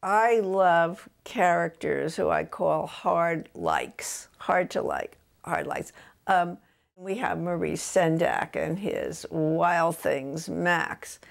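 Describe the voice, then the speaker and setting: An older woman author from New Jersey, telling stories about her books in a relaxed interview at home. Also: lowish voice, slow pace, gravelly. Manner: animated anecdotes, voices quotes of her son.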